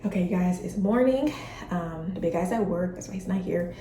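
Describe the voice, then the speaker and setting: A woman's voice: lowish voice, a little fast, dark tone. Chatty woman vlogger in a roomy space. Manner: chatty and openly emotional, speaks directly to viewers. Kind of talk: casual personal vlog. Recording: roomy, a bit distant from the mic, faint hiss.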